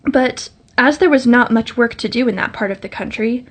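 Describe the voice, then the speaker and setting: A woman's voice: fairly high pitch, moderate pace. Woman narrating a fairytale audiobook. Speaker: storyteller.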